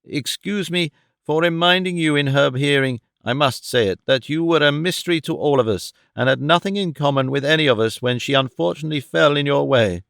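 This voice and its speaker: An earnest older gentleman pleading with kindly firmness, as an audiobook narrator voices him. His voice is smooth with a slight grit. It sounds close and dry. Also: on the high side, brisk, dry recording.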